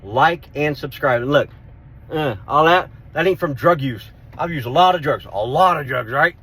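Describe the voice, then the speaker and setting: A middle-aged man telling a street fight story in a casual vlog, rough-spoken, swearing and repeating himself as he goes. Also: a little high, moderate pace, bright, forceful tone. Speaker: vlogger.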